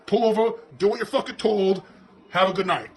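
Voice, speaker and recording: Man doing a crude cop character, foul-mouthed, brash, sarcastic ranting, slightly high voice, comedic video commentary. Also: brisk, breathy edge.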